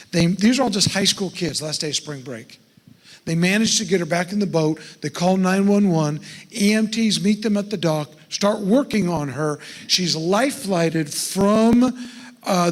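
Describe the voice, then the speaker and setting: In a church sanctuary that gives his voice a long, ringing reverb, a middle-aged man talks about estate planning. His high voice carries a folksy seminar style, and he regularly turns to the congregation with questions.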